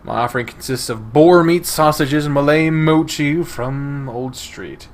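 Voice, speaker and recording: A man hosting a let's-play, reading a visual novel aloud with expressive delivery that swings between soft and loud. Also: on the high side, a little slow. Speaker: game let's-play host.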